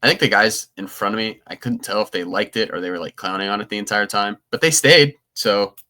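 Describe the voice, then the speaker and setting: A man's voice: lowish voice, fairly even intonation, quick pace, pushed and bright. A young man co-hosting a podcast, chatting casually and rambling with frequent restarts. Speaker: podcast co-host. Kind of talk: casual chat.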